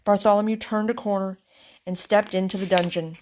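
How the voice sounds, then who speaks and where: A woman reading a children's storybook aloud with expressive, theatrical narration. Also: mid-range voice, brisk, a little hiss or hum. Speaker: storybook reader.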